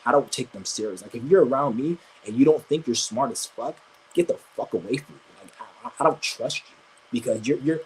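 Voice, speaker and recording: A man's voice: mid-range voice, darkish tone, a little hiss or hum, rough recording. A man streaming live, ranting crudely and combatively, stumbling over repeated restarts. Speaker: livestreamer. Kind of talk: angry livestream rant.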